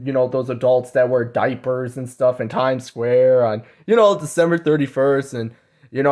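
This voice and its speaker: Slow, rambling vlogger man. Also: mid-range voice, a little mellow, clean tone. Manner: meandering, repetitive fillers, frequent "guys" asides, preachy. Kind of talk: rambling monologue to camera.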